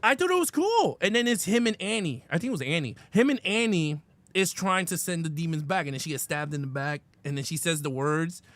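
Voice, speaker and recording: A man with a fairly high voice, co-hosting a laid-back film review chat. He retells favorite scenes with lively, enthusiastic energy and drops casual swear words along the way. The sound is close and dry, with no room around it. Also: a little fast, no echo. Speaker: podcast co-host.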